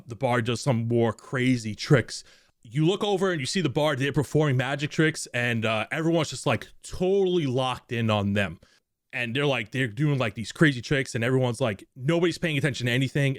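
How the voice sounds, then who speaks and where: A man's voice: medium pitch, no echo, studio quality. A young man running a tabletop game as game master, narrating casually with many fillers. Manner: casual narration with many fillers, puts on quick character voices.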